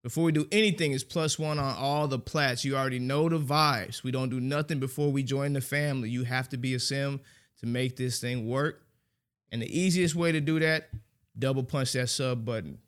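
A man's voice: medium pitch, steady tone, normal speed, clear, resonant tone. A man hosting a casual podcast, opening the show with upbeat hype and banter. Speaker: podcast host. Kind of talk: casual chat.

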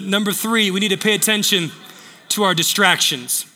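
Emphatic high-voiced preacher man. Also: normal speed, bright, forceful tone, long reverb tail. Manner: emphatic, repeats phrases for effect. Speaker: pastor. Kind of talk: sermon.

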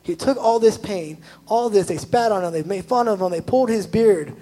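Husky, chatty young man preaching. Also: high-pitched, normal speed, low-quality recording. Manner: chatty, animated, full of "like" asides. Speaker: youth pastor. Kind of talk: casual sermon.

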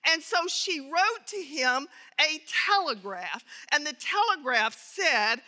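A woman's voice: sits high, lively intonation, slow pace, hardly any pauses, sharp tone. A woman teaching a Bible lesson who tells an anecdote, reads scripture aloud and adds earnest commentary. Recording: reverberant hall.

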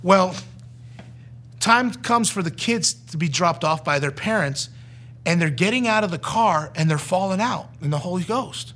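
Animated man telling his testimony. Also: sits high, normal speed. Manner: animated storytelling, acting out the people he quotes. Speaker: former youth pastor sharing a testimony.

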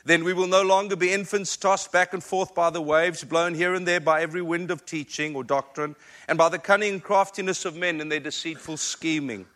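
Male guest preacher, African accent, forties, bright ringing voice, slightly high pitch, earnest and self-deprecating, repeats words as he builds. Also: fairly even intonation, fairly quick. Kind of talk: sermon with storytelling.

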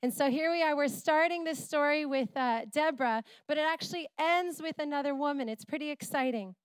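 Lady preaching, high voice, super animated and jokey, dry close mic. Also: fairly quick, no echo. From Canada. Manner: animated, playful storytelling with asides. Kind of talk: sermon. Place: church.

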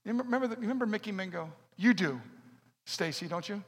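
A middle-aged man preaching a sermon and telling his own story, swinging between loud bursts and hushed asides. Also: high voice, animated, quick pace, slightly rough. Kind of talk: sermon with personal testimony. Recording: echoey hall, long reverb.

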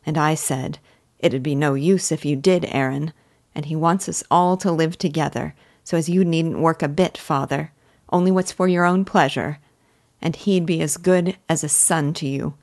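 A woman reading as a gentle young village daughter. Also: deep voice, moderate pace, no room sound, clean studio sound. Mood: earnest. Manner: soft, earnest and affectionate.

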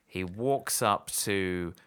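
A man's voice: low voice, very slow, fairly bright tone, clear, resonant tone. A man hosting a podcast, chatting casually and making playful joking guesses about a film. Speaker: podcast host. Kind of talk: casual chat.

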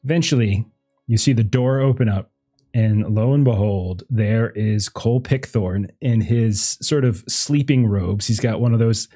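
A man's voice: fairly low pitch, a little slow, dark tone, breathy edge, soft background music. A man narrating a tabletop role-playing game as game master, rambling with many fillers.

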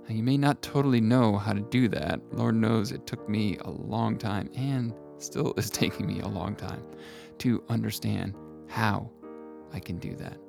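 A man coaching listeners on self-kindness in a soft, intimate way, calling the listener his friend. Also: lowish voice, creaky. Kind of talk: gentle motivational monologue.

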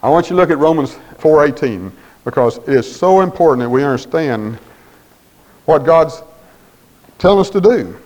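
A man's voice: a little high, expressive, normal speed, long pauses, darkish tone, low-quality recording. A man preaching a sermon in a folksy storytelling way, acting out conversations.

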